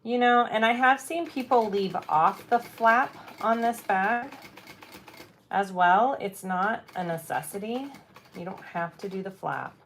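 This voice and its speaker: A middle-aged woman hosts a sewing livestream from her home sewing room, chatting with viewers in an easy, playful way. She talks at an unhurried pace at a mid-range pitch and laughs often as she reads comments aloud. A faint background hiss sits under her voice. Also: a bit bright. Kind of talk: casual livestream chat while sewing.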